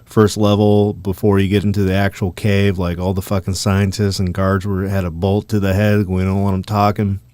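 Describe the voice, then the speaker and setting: A man's voice: sits low, moderate pace, hardly any pauses, no echo. A man co-hosting a podcast, telling a rambling story in casual chat with lots of swearing. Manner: profane, animated, rambling. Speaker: podcast co-host.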